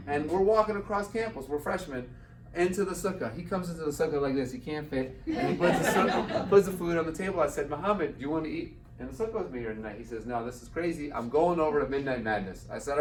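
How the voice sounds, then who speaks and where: A man in his forties, a guest speaker, telling a personal story to an audience and acting out the voices of the people in it. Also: on the high side. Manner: animated storyteller acting out quotes. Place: event hall with live audience. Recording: roomy hall, mic heard from a distance.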